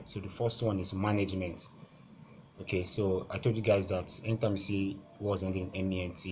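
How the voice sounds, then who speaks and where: A man's voice: sits low, background noise. A man, tutoring for exams and walking through questions on screen, repeating each rule step by step. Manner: methodical, repeats key points step by step. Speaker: exam-prep tutor. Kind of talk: explaining over on-screen exam questions.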